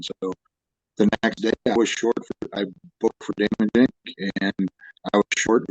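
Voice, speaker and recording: A man's voice: lowish voice, a little mellow, slightly rough, no echo, muffled recording. A plainspoken man, a wrestling promoter and trainer, talking casually and a little choked up. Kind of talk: casual chat.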